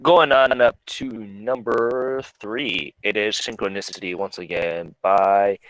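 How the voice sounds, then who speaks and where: Low-voiced male host reading chart numbers. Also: steady tone, slow pace, fairly bright tone, no echo, rough recording. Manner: laughs often, reads out sales figures. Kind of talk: casual chat.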